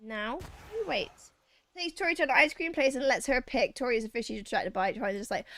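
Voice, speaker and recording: A woman's voice: fairly high pitch, fast talker, pushed and bright, no room sound. A woman streaming a video game who chats playfully with her viewers, reading their messages aloud and bantering back. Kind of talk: casual chat with a live chat while gaming. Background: faint game music.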